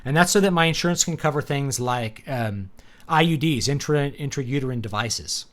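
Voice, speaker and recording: Man, casual livestream host, rambling, sarcastic, lots of ums and restarts, middle pitch. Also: expressive, moderate pace. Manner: rambling and opinionated, with many fillers and restarts; sarcastic, laughs at his own points. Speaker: author hosting a live talk show.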